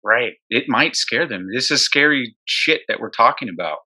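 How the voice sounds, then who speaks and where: A man co-hosting an education podcast, making his points in a direct, emphatic way. His voice has a bright, forceful edge at a middle pitch. He speaks bluntly and does not soften what he says. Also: animated, moderate pace, breathy edge. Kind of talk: casual conversation.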